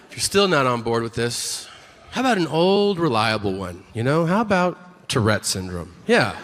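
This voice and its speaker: A man's voice: medium pitch, fairly bright tone, long reverb tail, a little hiss or hum. A man doing a stand-up comedy routine on stage before a live audience, telling profane stories and acting out the characters in them.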